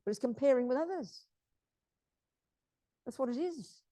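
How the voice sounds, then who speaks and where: A woman's voice: high voice, lively intonation, normal speed, pauses often, mellow, no echo. A woman teaching Buddhism in an emphatic way, repeating key phrases and often asking her listeners if they understand.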